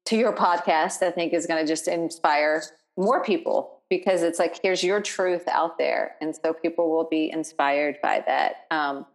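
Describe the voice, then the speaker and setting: A woman's voice: deep voice, measured pace, few pauses. A woman hosting a podcast interview. She chats casually and supportively, with many fillers. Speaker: podcast host.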